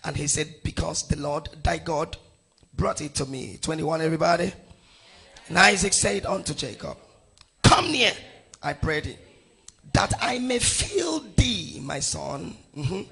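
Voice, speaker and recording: A middle-aged male pastor from Nigeria leading his congregation through a Bible passage verse by verse, calling out each verse and rising to shouts on key lines. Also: on the high side, expressive, unhurried, creaky, slightly rough. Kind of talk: sermon with congregational scripture reading.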